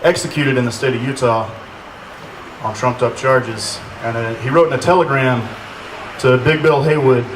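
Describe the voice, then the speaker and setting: A man giving a halting, informal eulogy at an outdoor memorial, full of pauses and dry jokes. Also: medium pitch. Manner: hesitant, many "uh" fillers, dry humor. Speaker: memorial speaker. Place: outdoor gazebo. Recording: echoey, distant, noisy.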